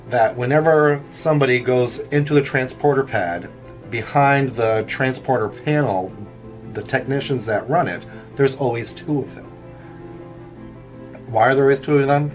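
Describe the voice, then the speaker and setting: A man's voice: medium pitch, unhurried. A middle-aged man chatting casually while drawing, rambling through a story and chuckling often at his own jokes. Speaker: vlogger. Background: faint background music.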